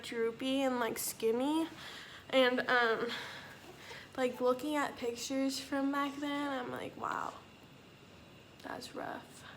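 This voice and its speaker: Speaking in a high, somewhat bright voice over a faint hiss or hum, a young female vlogger shares a personal story. Her casual delivery wanders and chatters, and she performs the dialogue of the people she quotes.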